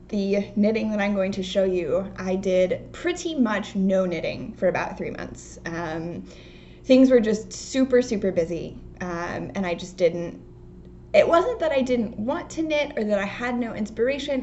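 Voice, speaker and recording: Young woman knitting host, chatty and meandering, mid pitch, slightly muffled home recording, faint noise. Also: a little mellow. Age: young adult. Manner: chatty, rambling, frequent ums. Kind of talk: casual chat. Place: home, indoors. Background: faint outdoor work noise.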